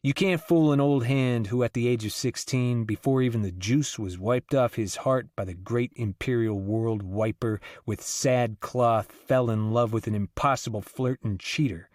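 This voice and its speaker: A man narrates an audiobook in a mid-pitched voice with a dramatic, rhythmic delivery. His pace and loudness swing freely from line to line. The sound is close and dry, with no room echo. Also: moderate pace, few pauses.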